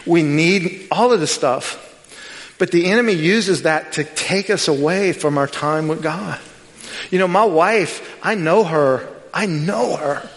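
A middle-aged male preacher with a high-pitched voice delivers a sermon as a personal story, acting out what each person said. His words ring out with a long reverb, as in a large church sanctuary. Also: a little slow. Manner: storytelling with lively quoted dialogue.

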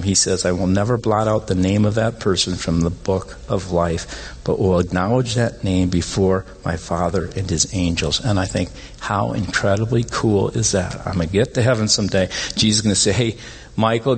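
A man preaching a sermon as pastor, animated and conversational, often rising in pitch to stress a point. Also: a little fast, breathy edge. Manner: animated, rises in pitch when making points. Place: church sanctuary. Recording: long hall reverb.

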